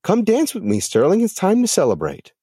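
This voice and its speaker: A man voicing a cheerful, coaxing mother turtle in a high, upbeat voice. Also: sing-song, normal speed, a little mellow, dry recording, studio quality, natural voice. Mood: joyful.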